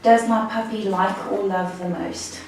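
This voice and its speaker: Mellow woman reading viewer questions. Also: medium pitch, fairly even intonation, a little slow. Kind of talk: reading questions aloud on a live stream. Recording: echoey room, mic far off, faint noise.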